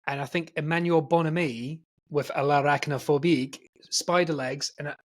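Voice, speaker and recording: Casting: podcast host, man, jokey rambling storyteller, slightly high voice. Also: fairly even intonation, normal speed. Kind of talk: casual podcast banter.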